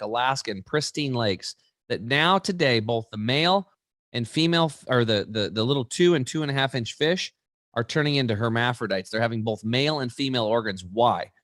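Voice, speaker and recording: A man's voice: medium pitch, no room sound, studio quality. A man, an interview guest, explaining with energy, acting out quoted people and often restarting his sentences. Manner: animated storyteller, acts out quoted voices, many restarts.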